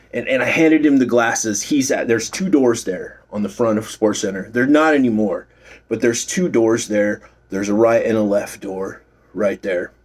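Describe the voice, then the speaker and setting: Casting note: husky middle-aged guy, rambling storyteller, swears a lot, self-recorded at work. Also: lowish voice, a little mellow. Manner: rambling, swears freely, many fillers and restarts. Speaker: former bouncer telling a story. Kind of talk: casual storytelling vlog. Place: at his workplace.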